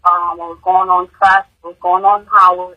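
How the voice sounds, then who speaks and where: In an interview, a grieving mother gives emotional personal testimony, halting and repeating words as her voice rises high in distress. Her delivery is flat with a breathy edge, and the sound is lo-fi.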